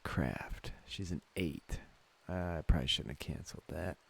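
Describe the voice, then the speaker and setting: A man's voice: low voice, moderate pace, gravelly, slightly rough. A man from Wisconsin giving casual gameplay commentary, thinking aloud and chuckling often. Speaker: let's play gamer.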